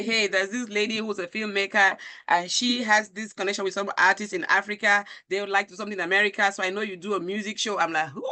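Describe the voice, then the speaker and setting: Woman, Nigerian accent, show host, passionate, reads viewer comments, bright forceful voice. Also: medium pitch. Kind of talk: live-stream conversation.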